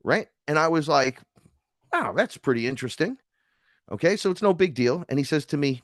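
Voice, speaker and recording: A man's voice: a little high, expressive, normal speed, a bit bright, no room sound, clean studio sound. A man from New York telling a spiritual encounter story in casual talk, acting out the voices he quotes and swearing freely. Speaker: podcast guest.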